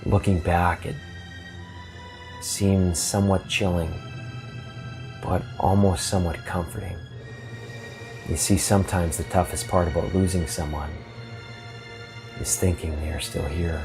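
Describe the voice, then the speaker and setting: A man telling a first-person ghost story in a halting, earnest way, often repeating words as he gets emotional. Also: deep voice, fairly even intonation, music in the background.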